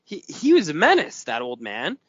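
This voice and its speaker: Profane, animated male podcast host. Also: a little high, moderate pace, slightly rough, dry recording, dull audio. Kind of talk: casual chat.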